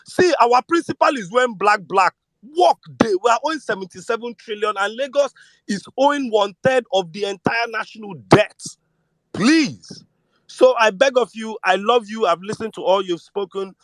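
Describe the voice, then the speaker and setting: A Nigerian man with a Nigerian accent talking politics in casual, animated chat, switching between Pidgin and English. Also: high-pitched, normal speed, no room sound. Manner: animated, mixes Pidgin with English, mimics voices. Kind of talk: casual political chat in a live audio space.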